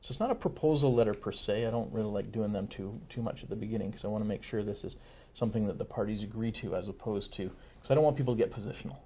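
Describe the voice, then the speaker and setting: A middle-aged man, a family lawyer, explaining things in a measured conversational way with examples and asides. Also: fairly low pitch, mellow, slight background noise. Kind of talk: conversational interview.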